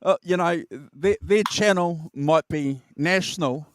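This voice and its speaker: A man's voice: a little high, a little slow, dry recording. A man with a New Zealand accent hosting a casual live-stream chat, talking eagerly with stumbling restarts. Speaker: show host.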